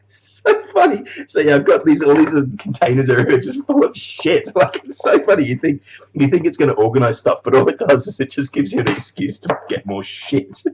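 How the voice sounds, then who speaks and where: A man's voice: on the high side, a little mellow, dull audio, slight background noise. A man chatting casually in a rambling way on his video blog. He laughs often, swears freely and trails off mid-thought. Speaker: animator vlogger.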